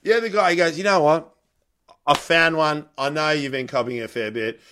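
A man's voice: on the high side, normal speed, slight background noise. A man, a comedian, telling a long anecdote in a casual chat, laughing as he goes. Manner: animated anecdote teller, laughs mid-story. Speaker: stand-up comedian. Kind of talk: casual podcast chat, storytelling.

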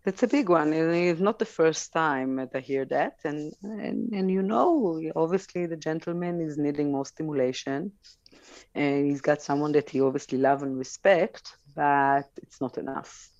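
A woman's voice: sits low, moderate pace, darkish tone, no echo, muffled recording. A woman on a talk show giving frank sex advice, laughing easily between points. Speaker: sex educator guest.

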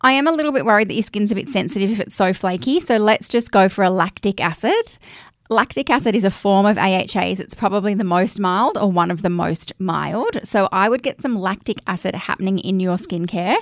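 A woman's voice: medium pitch, brisk, dry recording. Woman co-host, chatty and practical, dry close sound. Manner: chatty and practical, explains step by step. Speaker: podcast co-host giving skincare advice. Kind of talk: casual chat.

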